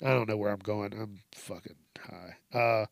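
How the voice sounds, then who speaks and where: A man's voice: fairly low pitch, fairly even intonation, normal speed, vocal fry, no echo, clean studio sound. A man hosting a podcast alone, rambling through a casual, profane, self-mocking monologue. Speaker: podcast host.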